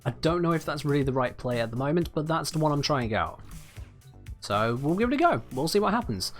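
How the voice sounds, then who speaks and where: A man's voice: fairly high pitch, sing-song, a little fast, faint music behind. A man from England, chatting casually and wryly to his livestream chat while playing a game. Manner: chatty, wry, reads out and answers chat. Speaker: streamer.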